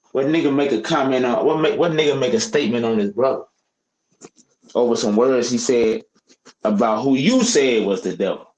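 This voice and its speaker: A man delivering a heated, profane rant as a podcast host, firing off rhetorical questions in a preachy tone. His voice sits at an ordinary middle pitch. The room around him is echoey. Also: a little mellow. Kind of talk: opinionated casual commentary.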